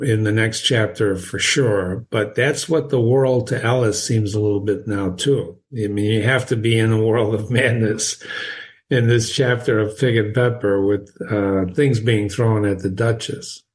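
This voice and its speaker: A man reading a classic novel aloud and explaining it as a teacher, chatty and encouraging, with frequent chuckles and digressions. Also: fairly low pitch.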